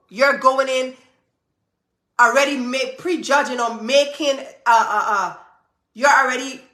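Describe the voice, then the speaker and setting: Woman, motivational vlog talk, emphatic, repetitive, bright voice, echoey room. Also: a little high. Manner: emphatic, preachy, repeats phrases for stress. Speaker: business owner giving motivational advice.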